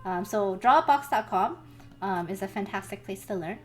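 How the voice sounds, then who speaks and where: A young woman co-hosting a casual art study stream, chatty, full of ums and quick laughs. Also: mid-range voice, expressive.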